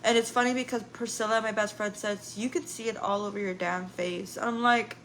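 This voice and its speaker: A chatty woman in her forties talks through a live stream like she is catching up with friends, candid and a little profane. Her voice sits at an ordinary pitch, with a steady hum of background noise under it. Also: normal speed, rough recording. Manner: chatty and candid, swears casually, laughs often. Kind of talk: casual live-stream chat.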